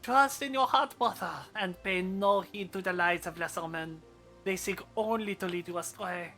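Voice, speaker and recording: A woman voicing a solemn male priest who welcomes refugees, with a slow, sonorous delivery. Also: medium pitch, a bit bright, soft background music, natural voice.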